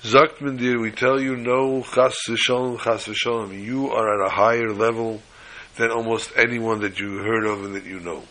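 A man's voice: fairly low pitch, steady tone, moderate pace, pushed and bright, low-quality recording. A man giving a sermon, emphatic, piling up repeated phrases and restarts.

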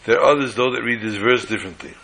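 A man teaching a sermon on the weekly Torah portion in a measured, halting way, often restarting phrases. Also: medium pitch, vocal fry, pushed and bright, slight background noise, low-quality recording.

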